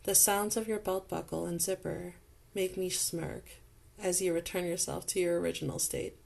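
A woman narrating an intimate second-person audio role-play in a soft, slow, close manner. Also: on the low side, steady tone, gravelly.

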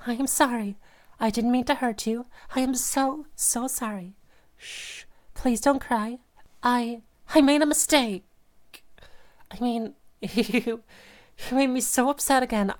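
A woman's voice: fairly high pitch, lightly acted. A woman playing a volatile, obsessive girlfriend. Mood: frantic apologetic. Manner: swings between sweet cooing and sudden rage. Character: volatile, obsessive young woman who holds her partner captive. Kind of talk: audio role-play monologue.

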